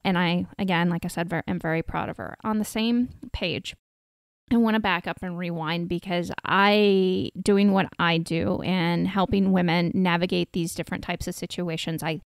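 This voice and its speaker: A woman with a low, gravelly voice coaching a guest through a dating problem on a podcast. She speaks frankly and directly, with the odd casual swear. The sound is dry and close. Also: fairly even intonation, normal speed, dry recording. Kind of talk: podcast advice chat.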